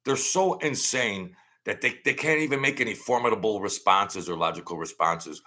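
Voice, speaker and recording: A man from an Italian-American family hosts his own political commentary channel, delivering an emphatic, repetitive rant and mocking opponents in a put-on whine. His voice is fairly low, pushed and bright, at normal speed.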